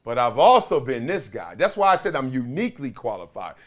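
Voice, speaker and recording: A middle-aged man hosting his own show, telling stories in a lively commentary monologue and acting out quotes of other people. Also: medium pitch, fairly quick. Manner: storytelling with acted-out quotes of teammates. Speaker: show host.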